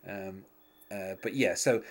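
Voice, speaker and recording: A podcast host chats casually while recapping a TV episode, laughing often and filling his talk with fillers and restarts. His voice sits low, and he speaks slowly.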